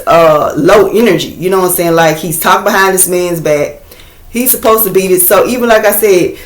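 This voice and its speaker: A woman's voice: lowish voice, reverberant. A woman giving a casual tarot reading to her viewers, blunt and chatty, swearing freely and talking straight to them. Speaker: tarot reader.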